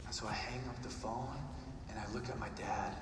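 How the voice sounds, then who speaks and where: A man's voice: fairly low pitch, fairly even intonation, fairly quick. A man, giving a motivational speech and telling a story that builds to emphatic repetition. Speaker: guest speaker. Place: large arena. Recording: roomy arena echo, distant mic, noisy.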